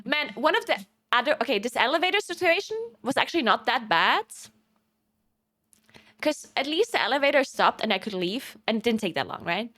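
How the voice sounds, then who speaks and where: Lively young woman streamer from Italy. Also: on the high side, brisk, no room sound, studio quality. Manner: animated storytelling, laughs often. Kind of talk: casual chat with viewers.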